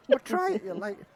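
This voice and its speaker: Lively northeast English game master. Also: male voice, very high-pitched. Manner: lively, chatty, laughs often. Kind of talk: narrating a tabletop game.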